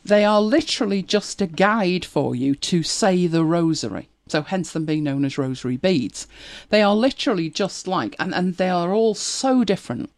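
A woman's voice: on the low side, expressive, moderate pace, few pauses, a little mellow, no room sound. A woman, chatting casually as a podcast co-host and telling stories with frequent laughs. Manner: chatty storyteller, laughs often. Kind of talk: casual chat.

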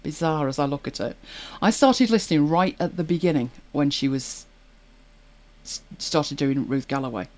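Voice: medium pitch, moderate pace, darkish tone. A podcast co-host chatting casually, rambling along with many fillers and restarts. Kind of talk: casual chat about audiobooks.

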